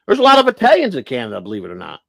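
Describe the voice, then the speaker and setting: Brief: American man hosting a livestream, lively pitch, dry close sound, profane and rambling. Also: rapid-fire, gravelly, dry recording. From United States. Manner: rambling, blunt, swears freely, stumbles and restarts. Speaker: livestream host. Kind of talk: casual livestream chat.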